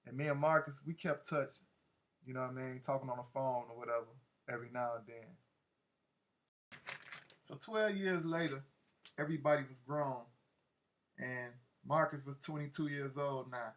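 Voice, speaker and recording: A man's voice: mid-range voice, moderate pace, pauses often, a bit bright. A man narrating a first-person audiobook in a loose, slangy, conversational way. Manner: loose, slangy, many "like" fillers.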